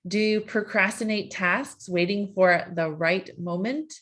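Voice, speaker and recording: A woman's voice: medium pitch, a little slow, a bit bright. A woman life coach leading a live online session, asking repeated coaxing questions in a conversational way.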